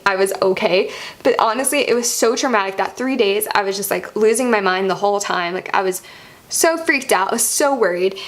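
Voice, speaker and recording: A woman's voice: mid-range voice, a bit bright. A young woman telling a personal story as a vlogger in a casual, chatty way, filling her sentences with "like" and frequent laughs.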